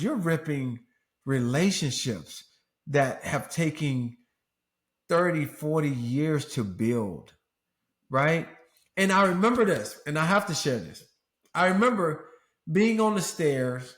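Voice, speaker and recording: A middle-aged man and podcast host speaking candidly and earnestly, his voice rising into preacherly swells. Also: on the high side. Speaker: podcast host and former pro athlete. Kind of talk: candid interview talk. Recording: roomy echo.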